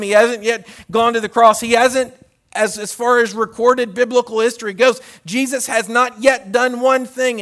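A man preaching a sermon as a pastor, shifting between loud hollering and hushed tones and often repeating words as he restarts phrases. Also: high voice.

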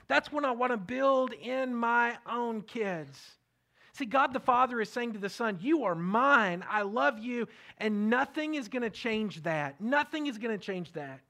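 Male pastor, middle-aged, high-pitched, earnest sermon, repeats phrases, drops to soft hushed tones. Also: gravelly. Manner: earnest, repetitive, dropping to soft near-whispers.

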